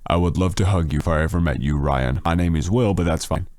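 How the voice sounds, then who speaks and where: A man streaming casually through a deep voice changer, reading chat comments aloud with crude jokes. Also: fast, a little mellow, no echo.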